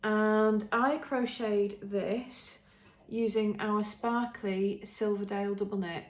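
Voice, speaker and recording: A woman's voice: medium pitch, steady tone, slow. An English woman hosting a podcast, chatting casually and enthusiastically with many ums and restarts. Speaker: podcast host showing knitting. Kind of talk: casual show-and-tell chat. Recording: roomy echo.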